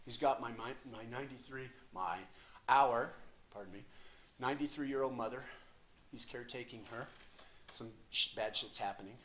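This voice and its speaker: A man in his sixties giving an impassioned, profane personal share at a recovery meeting, swinging from hushed to loud. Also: mid-range voice, normal speed.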